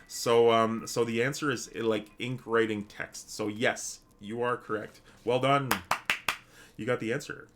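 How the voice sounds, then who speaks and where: A man's voice: mid-range voice, fairly even intonation, measured pace, a bit bright, a little hiss or hum. A man streaming a game, chatting casually with viewers in a rambling, hesitant way with many restarts. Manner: chatty with viewers, reads chat aloud. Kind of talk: casual live-stream chat.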